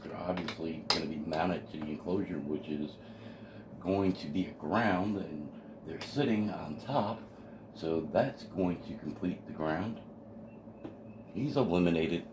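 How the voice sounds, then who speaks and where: A man with a very deep voice walks through a kit build step by step at his workbench. He sounds eager and easily excited as he explains. The home video recording carries a steady hiss of background noise. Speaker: amateur radio hobbyist building a kit. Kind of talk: hands-on kit assembly walkthrough.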